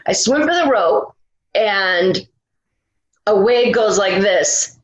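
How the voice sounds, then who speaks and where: A woman's voice: medium pitch, lively intonation, slow, dull audio. A woman, a retired rescue swimmer, telling a story in a casual interview, full of restarts and laughs. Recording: roomy, echoey room.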